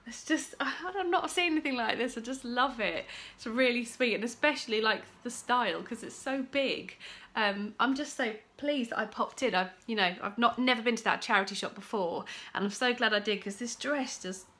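In an upstairs room at home, a young woman vlogs in a casual, enthusiastic chat, rambling a bit as she shows off her finds. Her voice is fairly high and a bit bright, at a moderate pace.

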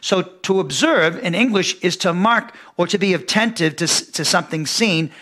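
A middle-aged male pastor teaching a Bible lesson verse by verse. He reads scripture, then explains Greek words in a measured way, often pausing with fillers and restarting his sentences. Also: sits high, fairly bright tone, slightly rough.

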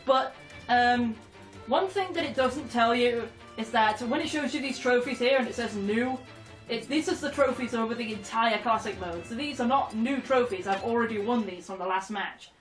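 Giggly, excitable woman gaming. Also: fairly high pitch, normal speed. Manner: excitable, giggly, shouts at the game. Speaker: gamer. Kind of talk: let's-play commentary. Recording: echoey room, distant mic, game music.

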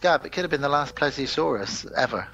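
A man's voice: mid-range voice, fast, gravelly, dull audio, a little hiss or hum. Man retelling a movie plot. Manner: animated storytelling, retelling movie plots with acted quotes. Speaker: podcast co-host. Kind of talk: casual chat.

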